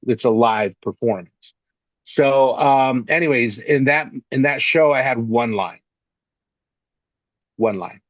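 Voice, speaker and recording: A man being interviewed, telling long anecdotes in a casual, animated way and acting out the voices of the people he quotes. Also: medium pitch, slow, long pauses, no room sound, muffled recording. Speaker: actor and interview guest.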